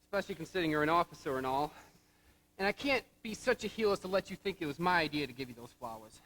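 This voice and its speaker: A man's voice: fairly high pitch, lively intonation, fast, a bit bright, poor audio. A young man acting as a polite, reassuring young serviceman in a school musical on stage. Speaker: student actor in a school musical.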